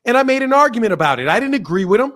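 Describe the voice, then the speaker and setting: A man's voice: extremely high pitch, sing-song, rapid-fire, a crowd in the background. A man hosting a boxing debate stream, combative and blunt, swearing and repeating himself as he talks over the other speaker. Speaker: boxing channel host. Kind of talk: heated live debate.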